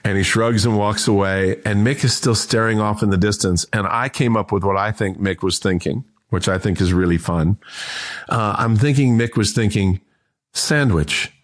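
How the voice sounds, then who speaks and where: Man, 50s, lowish voice, casual anecdotal storytelling, restarts often. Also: normal speed. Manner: animated anecdotal telling with frequent restarts. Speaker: guest, entrepreneur and author.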